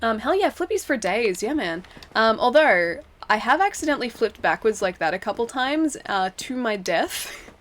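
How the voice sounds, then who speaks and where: A woman's voice: on the high side, sing-song, moderate pace. A young woman streaming a video game, chatting casually with her viewers, reading their messages aloud and laughing often. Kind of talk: casual live-stream commentary while playing.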